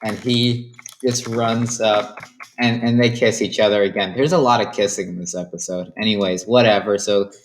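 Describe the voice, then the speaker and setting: A woman casually retelling the plot of her own improvised series, rambling with deadpan asides. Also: extremely low pitch, moderate pace, slight background noise. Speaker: series creator recapping an episode.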